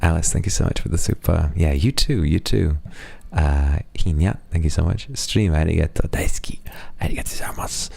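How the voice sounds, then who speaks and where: A man's voice: normal speed, a little mellow, no echo. A man streaming live, casually thanking donors and chatting with affectionate, playful asides. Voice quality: very deep, gravelly voice. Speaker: streamer reading donations.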